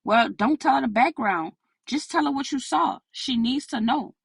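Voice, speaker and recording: A level-headed young woman gives calm, firm advice, as a woman reads her in an audiobook. The voice is husky and close. The sound is dry. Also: sits high, normal speed, no echo, pitched above the performer's own voice, full character voice.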